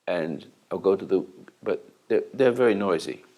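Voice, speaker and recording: Gravelly older man telling stories. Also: low-pitched, warm tone, a little hiss or hum, poor audio. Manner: halting storyteller with restarts, acting out the dialogue. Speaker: self-help teacher. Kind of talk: anecdotal talk to an audience.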